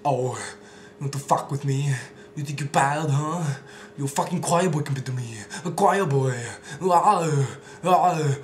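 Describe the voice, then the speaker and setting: A young man doing an impression of a famous muscular action-star man, gruff, booming and shouting in a thick put-on accent. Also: unhurried, hardly any pauses, lightly acted. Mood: menacing. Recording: echoey room with background noise.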